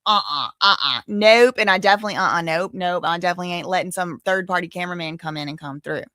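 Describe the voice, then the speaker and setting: A woman's voice: on the low side, quick pace, pushed and bright, no room sound, studio quality. A woman hosting a casual commentary on legal news, chatty and playful, with lots of asides and trailing restarts. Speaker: commentary channel host.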